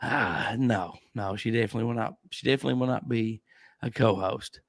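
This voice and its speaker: A man's voice: lowish voice, a little fast, no echo. A man hosting a casual livestream chat, telling rambling stories and laughing often. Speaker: podcast host.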